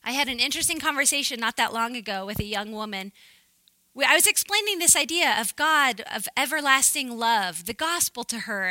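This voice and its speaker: A woman giving an earnest, animated Bible teaching to a women's group, often laughing as she talks. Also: fairly high pitch, brisk, no room sound, poor audio.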